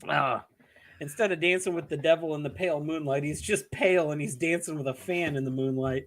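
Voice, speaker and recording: A man's voice: a little high, fairly quick. A young man co-hosting a podcast in casual chat, teasing, laughing often and drawing out his punchlines. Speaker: podcast co-host.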